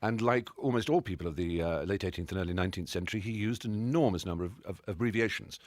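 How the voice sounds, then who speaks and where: A man's voice: low-pitched, fast, no room sound, studio quality. A man with an English accent being interviewed, talking fluently and telling stories with lots of restarts. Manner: fluent, articulate, animated storytelling with many restarts. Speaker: interview guest. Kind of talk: conversational interview.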